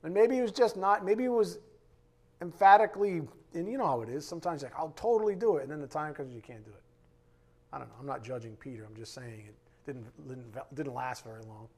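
A man teaching a Bible lesson in a relaxed, conversational way, often checking in with his listeners with "right?". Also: medium pitch, brisk.

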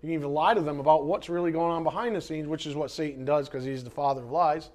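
Male preacher with a fairly high voice, delivering a dramatic sermon that swings between loud emphasis and hushed asides. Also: fast. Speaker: pastor.

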